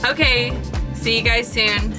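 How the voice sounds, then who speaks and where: A woman's voice: fairly high pitch, steady tone, slow pace, over music. A woman vlogger chatting casually to camera in a rambling, joking way while camping out of her truck.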